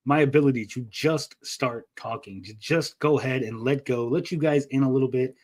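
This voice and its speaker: A man's voice: medium pitch, moderate pace, hardly any pauses, darkish tone. A man hosting a casual livestream, rambling and joking as he reads out chat messages. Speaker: livestream host.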